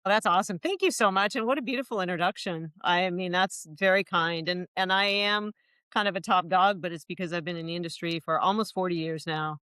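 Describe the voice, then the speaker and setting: A woman in her sixties, a home warranty rep, chatting warmly as a guest on a podcast and telling stories from her career. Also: fairly low pitch, fairly quick, clean tone, no echo. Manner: warm, chatty storyteller. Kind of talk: casual interview chat.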